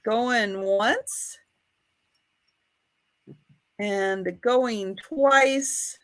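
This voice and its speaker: This is a woman co-hosting a live vintage sale over a home internet stream. She takes her time, talking at a slow, deliberate pace. Her item descriptions are careful and full of small ums and restarts. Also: on the high side, fairly bright tone. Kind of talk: live online sales chat. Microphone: streaming over a home internet connection.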